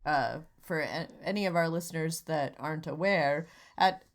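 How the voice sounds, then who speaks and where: Dry teasing woman podcast co-host, lower voice. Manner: dry, teasing, halting with restarts. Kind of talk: casual comedy chat.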